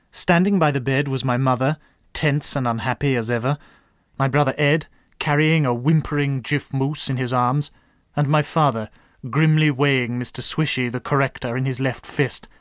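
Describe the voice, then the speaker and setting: A man narrating a comic story with a dry, deadpan delivery. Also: medium pitch.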